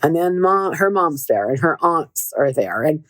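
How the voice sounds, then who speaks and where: A woman's voice: low-pitched, lively intonation, measured pace, fairly bright tone, no room sound. A middle-aged woman hosting a show, telling stories in a casual, earnest way and repeating words for emphasis. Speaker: podcast host and relationship coach. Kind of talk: casual storytelling monologue.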